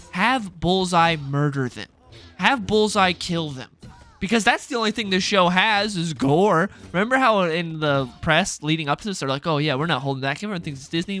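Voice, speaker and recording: A young man rants to camera, exasperated and sarcastic, in rapid-fire bursts of disbelief. His voice is fairly high, bright and tense. The sound is close-miked and dry, with no room around it. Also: no room sound. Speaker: video creator ranting. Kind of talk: heated solo rant.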